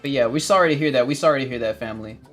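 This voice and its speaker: Soft music plays behind a man running a casual gardening livestream. He reads viewer comments in rapid-fire, upbeat chatter at a medium pitch, laughing a lot and addressing his viewers as family.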